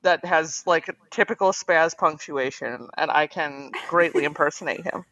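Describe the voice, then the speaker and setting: A woman's voice: low voice, normal speed, a bit bright, no room sound, dull audio. A woman co-hosting a podcast, chatting casually and laughing easily. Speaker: podcast co-host. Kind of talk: casual chat.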